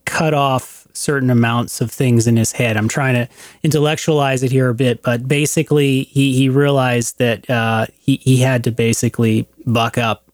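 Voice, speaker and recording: A man's voice: medium pitch, fairly even intonation, moderate pace, no echo, studio quality. Rambling male podcast host. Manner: rambling questions with fillers and laughs. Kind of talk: casual interview chat.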